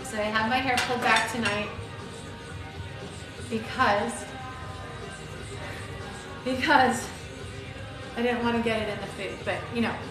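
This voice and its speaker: Speaking quickly with few pauses, this woman has a somewhat high voice and fairly even intonation. She's cooking live, greeting viewers by name and chatting in a flirty, casual way, and mentions being from Arizona and Maui; the room echoes and loud music plays behind her.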